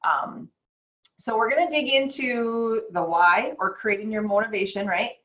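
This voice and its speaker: Heard through poor audio, a mid-range, fairly bright female voice belongs to a chiropractor who also hosts a podcast. In this casual interview her talk is chatty and meandering, coming in quick bursts with laughter.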